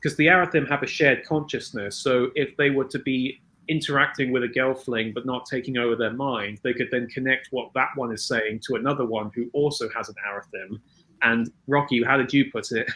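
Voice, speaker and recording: A man's voice: mid-range voice, steady tone, a little fast, bright, forceful tone, poor audio. A man in his thirties chatting casually as co-host, laughing often and using many fillers. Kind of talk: casual chat recapping a show.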